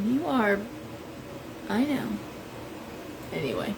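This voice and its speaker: A woman's voice: a little high, unhurried, background noise. A middle-aged woman, a shop owner, chatting casually on a live stream and greeting viewers by name. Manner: chatty, rambling, reads out viewer names.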